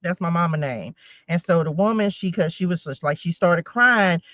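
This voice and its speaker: A woman's voice: lowish voice, moderate pace, fairly bright tone, no echo, muffled recording. A woman in her forties giving a casual spiritual tarot reading, chatting straight to her viewers with rambling side notes. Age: 40s. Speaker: tarot reader.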